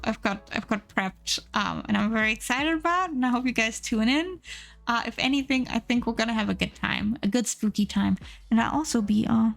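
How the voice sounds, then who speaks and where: A woman's voice: on the high side, vocal fry. A woman streamer chatting casually and rambling with plenty of fillers while she draws on a live art stream. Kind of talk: casual chat while drawing.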